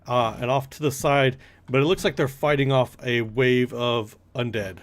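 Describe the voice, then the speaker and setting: A man at a mid-range pitch leads a tabletop game. He describes the scene as he improvises it and calls for dice rolls between descriptions. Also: steady tone, moderate pace, slight background noise. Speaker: game master.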